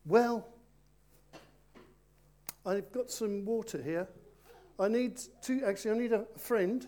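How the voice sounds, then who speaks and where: A man's voice: high-pitched, expressive, a little slow, pauses often, a little mellow. A man preaching in a church, leading a children's talk with volunteers and speaking playfully and directly to them. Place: church before a congregation.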